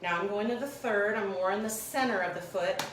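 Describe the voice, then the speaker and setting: A woman's voice: medium pitch, brisk, recorded from a distance. A woman fitness coach leading a live home workout, chatty and encouraging, sometimes apologizing for technical trouble. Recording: echoey home room with faint background noise.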